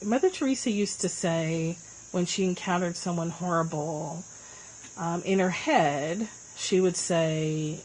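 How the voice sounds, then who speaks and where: A woman hosting a casual livestream, chatting with viewers and answering their comments with lively swings in pitch. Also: poor audio. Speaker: livestream host.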